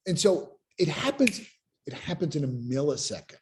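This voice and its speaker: Male sales coach, upper-mid register, emphatic, animated, hosting a live video Q&A. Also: fairly high pitch, moderate pace.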